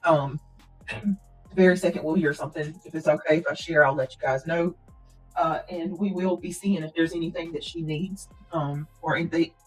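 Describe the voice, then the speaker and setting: A woman hosting a casual livestream and talking directly to her viewers. She speaks earnestly and prayerfully, and she keeps clearing her throat and coughing. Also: low-pitched, fairly even intonation, moderate pace, soft background music, poor audio. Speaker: livestream host.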